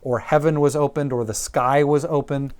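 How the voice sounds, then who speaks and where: A man teaching Greek vocabulary in a lecture, repeating each word slowly and deliberately with frequent ums. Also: medium pitch, steady tone, a little mellow.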